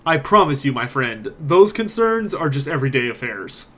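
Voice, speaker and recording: A man voicing a blunt, gruff mercenary leader in a tabletop game. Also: medium pitch, big pitch swings, moderate pace, bright, forceful tone.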